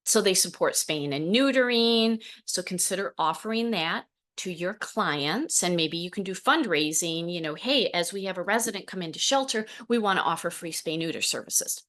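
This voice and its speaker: A woman in her forties hosting a podcast, telling stories with lively laughs and acted quotes. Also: on the low side, moderate pace, few pauses. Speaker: podcast host, program founder. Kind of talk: solo podcast talk.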